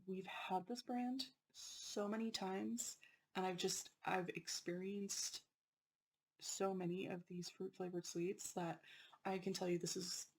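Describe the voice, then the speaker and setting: A woman hosting her own unboxing channel, talking casually and excitedly about snacks, often apologizing and laughing. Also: on the low side, gravelly, poor audio.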